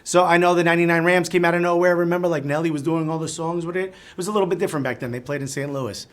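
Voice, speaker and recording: High-voiced joking trivia host man. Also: fairly even intonation, racing. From Cuban American, from the US. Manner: joking, chatty asides between questions. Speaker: trivia game show host. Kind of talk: live app trivia game hosting.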